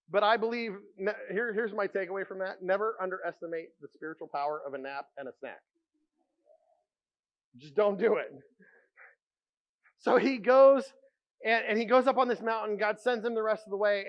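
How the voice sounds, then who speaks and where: A man preaching a sermon as pastor, telling stories with animated energy and dropping to a hush for quiet moments. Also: high-pitched, dull audio. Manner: animated storytelling, drops to a hushed voice for quiet moments.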